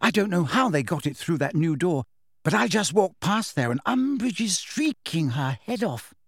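A man's voice: high-pitched, sing-song, normal speed, no echo, voice pushed up, heavily acted. A hot-tempered teenage schoolgirl witch who scolds sharply and indignantly, her voice lifted well above a man's own, as a male narrator puts her on. The storybook reading is dry and close to the mic. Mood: cross.

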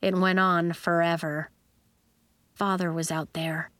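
A woman narrating a children's story in an expressive storytelling manner. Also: fairly low pitch, slow pace, no room sound. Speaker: audiobook narrator.

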